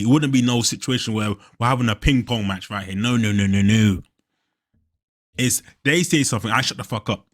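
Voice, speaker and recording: A young man hosting a movie reaction, animated and profane, laughing often as he talks. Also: lowish voice, fairly quick. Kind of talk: casual reaction commentary.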